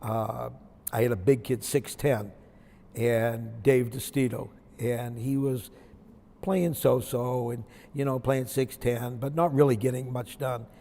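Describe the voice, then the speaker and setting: Older man, retired coach, folksy storyteller, mid-pitched voice, long hall echo. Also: steady tone, unhurried, mellow. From Maine, USA. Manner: anecdotal, folksy, reflective. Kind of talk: interview storytelling.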